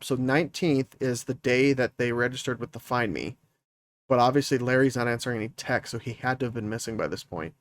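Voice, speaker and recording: A man's voice: mid-range voice, brisk, no echo. A man streaming a let's play, casually thinking aloud as he reads through the story. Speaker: gaming streamer.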